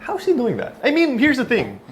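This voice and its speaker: A man with a Filipino accent co-hosting a casual basketball talk show, animated and prone to repeating words while he thinks. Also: very high voice, brisk, slight background noise. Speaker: podcast co-host.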